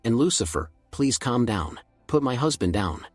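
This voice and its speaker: Cruel scolding aunt read by a man, harsh, slightly husky voice, storybook recap. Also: medium pitch, very animated, moderate pace, no echo, faint music behind. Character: cruel shrill middle-aged aunt.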